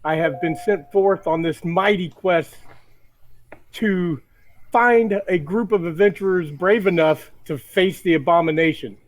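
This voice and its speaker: A man's voice: high-pitched, unhurried. A man voicing a pompous male envoy on a quest, speaking in formal, grandiose phrases.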